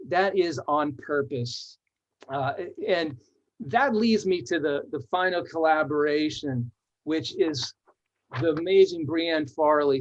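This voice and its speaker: Man, children's author, book talk, enthusiastic, rhythmic verse reading, slightly high voice, dull lo-fi sound. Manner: enthusiastic explanatory, reads verses aloud rhythmically. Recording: dull lo-fi audio.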